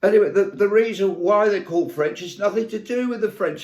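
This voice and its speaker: A man's voice: high-pitched, fairly quick, a little mellow. A man from England telling a comic story in a wry, mock-exasperated way. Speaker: vlogger. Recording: echoey room.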